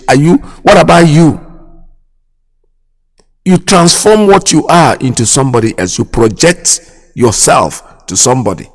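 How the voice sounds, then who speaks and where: A Nigerian man hosting a radio show, giving impassioned political commentary, indignant and repeating himself as he fires off rhetorical questions. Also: on the high side. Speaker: radio host. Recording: long hall reverb.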